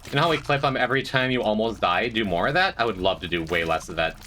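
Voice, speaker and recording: A young man's fairly low, expressive, sharp voice moves at a quick pace as he streams a game. He chats casually with his audience, jokes, and reads and replies to chat along the way.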